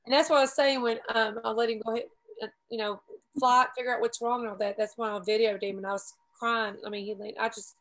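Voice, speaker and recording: A woman's voice: on the high side, fairly even intonation, fairly bright tone, poor audio. A middle-aged woman, rambling through a story in casual group chat and poking fun at herself. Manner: chatty, rambling, quick to laugh at herself. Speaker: paramotor pilot telling a story.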